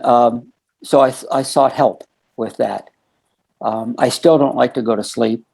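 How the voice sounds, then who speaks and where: A steady, medium-pitched male voice, measured in pace, creaky and darkish with a breathy edge. He's a man in his sixties from the US, guesting on a podcast in a storytelling interview and recounting a long story rich in quoted conversation.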